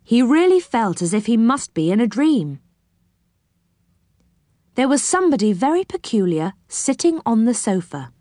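Slow, expressive woman reading a storybook. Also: medium pitch, dry recording, studio quality.

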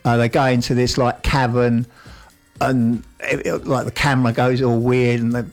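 A man's voice: mid-range voice, flat delivery, moderate pace, faint music behind. A man co-hosting a radio show, rambling enthusiastically about what he has watched and laughing often. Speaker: radio co-host. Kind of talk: casual radio banter. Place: radio studio.

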